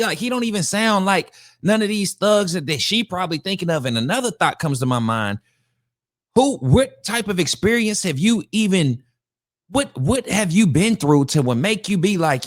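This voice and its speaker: A man with a fairly high voice gives slangy, emphatic reaction commentary, repeating his points for effect. The sound is dry and close, with no room around him. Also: lively intonation, normal speed, fairly bright tone, dry recording. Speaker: podcast host reacting to a video.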